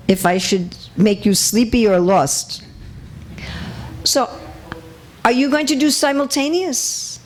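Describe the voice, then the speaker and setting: A visiting speaker, a woman with a medium-pitched voice, gives a religious lecture to a live audience in a temple hall, with slight background noise. She is chatty and lightly teasing, frequently checking that her listeners are following.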